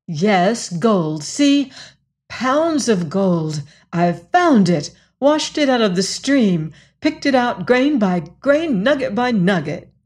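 A woman's voice: mid-range voice, sing-song, takes it slowly, a little mellow. A woman voicing a shy but spirited young frontier girl in an audiobook, speaking with impassioned earnestness. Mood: proud. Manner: impassioned, pleading.

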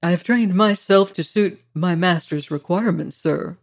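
A reader voicing a deferential male butler who speaks in a measured, exact and formal way. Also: mid-range voice, vocal fry.

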